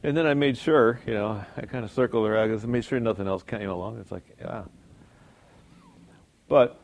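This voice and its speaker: A man's voice: fairly low pitch, moderate pace, vocal fry. A man giving an informal sermon, talking conversationally, chuckling often and joking about himself. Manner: conversational, chuckles often, jokes at his own expense. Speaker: Christian speaker.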